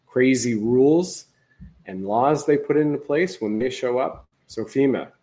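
Male livestream host, casual and rambling, average pitch, talks his way through his commentary. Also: unhurried, dark tone, poor audio. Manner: rambling, conversational, restarts often.

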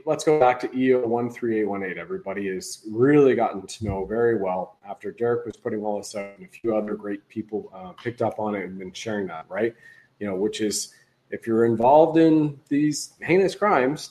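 Male livestream host, casual and rambling, average pitch, talks his way through his commentary. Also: a little mellow, poor audio. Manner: rambling, conversational, restarts often.

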